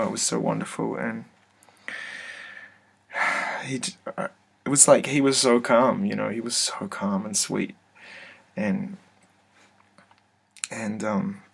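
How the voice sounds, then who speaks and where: A man telling a personal story to his webcam in an office, hesitant and soft-spoken, full of fillers and restarts. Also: lowish voice, steady tone, measured pace, gravelly, long pauses, breathy edge. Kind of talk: casual first-person testimony. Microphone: computer webcam mic.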